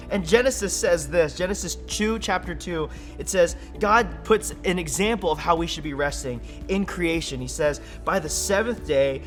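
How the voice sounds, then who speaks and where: A young man with a fairly high voice gives a lively talk to kids. He jokes, laughs and acts out silly voices. Soft music plays faintly underneath. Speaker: kids ministry speaker. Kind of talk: energetic kids' sermon.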